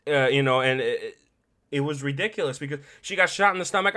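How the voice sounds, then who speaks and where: A man hosting his own podcast, talking casually and profanely about a video game, laughing often and swinging from loud excitement to quiet earnest remarks. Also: medium pitch, fairly quick. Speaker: podcast host. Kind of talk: casual solo podcast commentary.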